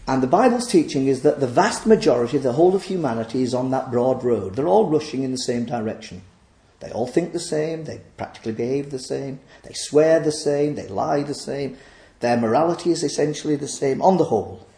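A man's voice: medium pitch, a little fast, warm tone. A man preaching a sermon, earnest, painting scenes vividly for his listeners. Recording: echoey room.

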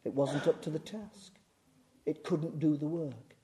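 A man preaching a sermon, swinging from booming emphasis to hushed, intense delivery. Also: unhurried, a little hiss or hum.

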